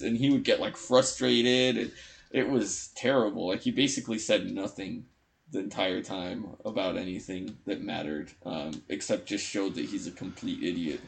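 A man co-hosting a podcast in loose, profane casual chat, full of "like" and quick impressions of people. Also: sits low, creaky. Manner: loose and profane, lots of likes, mimics people. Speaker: podcast co-host.

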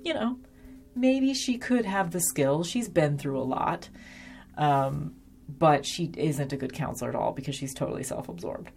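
Woman, low voice, casual recap host, rambling and wry, lots of filler words. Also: lively intonation, moderate pace, creaky, darkish tone, slight background noise. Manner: chatty, frequent ums and likes, wry asides. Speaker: episode reviewer.

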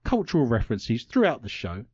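A man's voice: mid-range voice, wildly swooping pitch, a little fast, darkish tone. Playful man hosting a radio quiz. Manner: playful, punning, theatrical delivery. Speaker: radio show host. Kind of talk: jokey quiz show banter. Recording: dry, slightly dull lo-fi sound.

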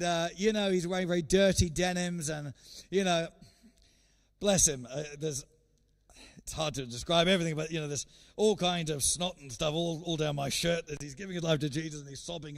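A man preaching a sermon as an evangelist guest speaker, telling a story in an animated way and often repeating words. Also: high-pitched. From England.

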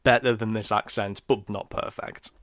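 A man's voice: lowish voice, steady tone, moderate pace, a bit bright, dry recording. Chill podcast guy, dry close mic, knows his cartoon trivia. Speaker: podcast co-host. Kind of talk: casual film discussion.

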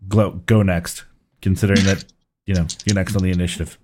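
A man's voice: deep voice, flat delivery, brisk, darkish tone. A man running a tabletop game as game master, casual, swearing freely and laughing often.

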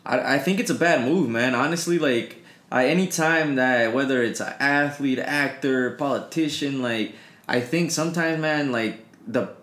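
Rambling quick-talking podcast man. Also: medium pitch, fairly bright tone. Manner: quick, rambling, many restarts and fillers, profane. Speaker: podcast co-host. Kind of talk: casual podcast chat. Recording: roomy echo.

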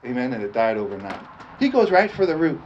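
A man's voice: mid-range voice, very animated, fast. A middle-aged male preacher delivers a sermon in an ordinary mid-range voice, punctuating nearly every point with a questioning "amen?" and bursts of laughter. The recording is dull and lo-fi, with a faint hiss underneath. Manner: repeats "amen?" as call for response, laughs often. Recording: dull lo-fi sound with faint noise.

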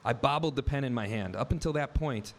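A man's voice: mid-range voice, fairly quick. A man in his thirties telling a personal story on stage, wry and vivid, acting out the dialogue in his own words. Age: 30s. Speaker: live storyteller. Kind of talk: first-person story told live on stage.

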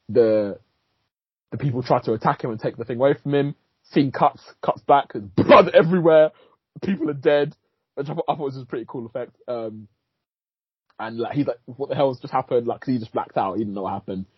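A man's voice: mid-range voice, brisk, breathy edge, no room sound, highs cut off. A man, a podcast co-host recapping a TV episode in rambling casual chat, swearing and laughing as he goes.

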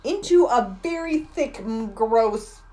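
A woman's voice: a little high, animated, mellow. Swearing woman retelling a movie. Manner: swears freely, acts out lines in quick asides. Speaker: podcast host recapping a film. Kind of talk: casual chat, retelling scenes.

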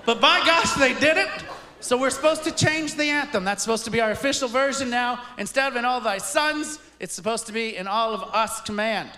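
A man's voice: very high voice, fairly quick, bright, forceful tone. A man performing a wry, punchy stand-up set, chuckling through his punchlines on stage at a live taping. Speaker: stand-up comedian. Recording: echoey venue with crowd noise. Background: audience laughter and ambience.

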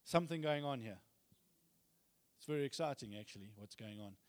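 A man's voice: medium pitch, animated, brisk. A man preaching a sermon, retelling scripture casually in everyday words and reading passages aloud with rising force. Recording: long hall reverb.

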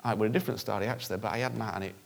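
Gravelly-voiced male preacher. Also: on the low side, steady tone, very fast. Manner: earnest, conversational, repeats for emphasis. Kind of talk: sermon.

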